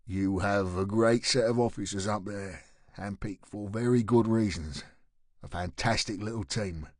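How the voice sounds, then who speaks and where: A man voicing a weary older male police chief who speaks low and pleading. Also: dry recording, clean studio sound, lightly acted.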